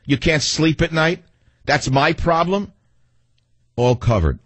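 Man, New York accent, talk radio host, sarcastic rant, gruff husky voice, dead-dry studio sound. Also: on the high side, expressive, takes it slowly, a bit bright, no echo. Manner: combative, sarcastic ranting.

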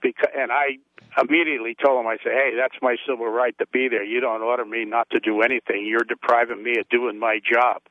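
A man's voice: mid-range voice, level tone, a little fast, no echo. A blunt, tough-talking male caller, a former police officer, heard over a tinny phone line. The sound is thin and dry, with no room around it. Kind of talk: call-in storytelling.

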